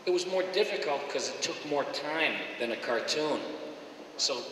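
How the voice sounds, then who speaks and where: A man from Boston, a voice actor telling stories at a fan Q&A, animated and dropping into quick impressions. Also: fairly high pitch, background noise. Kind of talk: casual anecdotal chat. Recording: echoey hall with long reverb.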